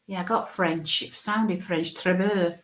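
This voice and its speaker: Halting woman in a roomy space. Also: fairly low pitch, steady tone. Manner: halting, thinks aloud with frequent restarts. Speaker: psychic medium. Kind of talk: live mediumship reading.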